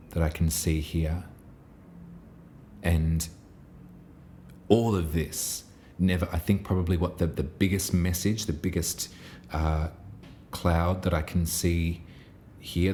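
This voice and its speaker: A man with a very low voice gives a gentle tarot reading, speaking in a soft, reassuring way. He meanders through his thoughts, trailing off and restarting phrases with long pauses. A faint hiss of ambience sits behind him. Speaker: tarot reader. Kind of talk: intuitive tarot reading monologue.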